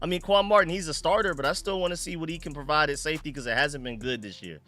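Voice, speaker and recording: A man hosting a casual sports fan live stream, excitable and slangy, greeting chat viewers by name. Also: on the high side, fast, faint music behind.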